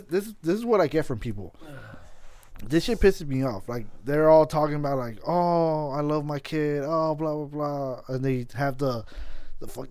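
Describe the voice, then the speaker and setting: A man's voice: medium pitch, darkish tone, no echo. A young man co-hosting a casual podcast, rambling and cursing, stumbling over and repeating his words. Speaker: podcast co-host. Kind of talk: casual chat.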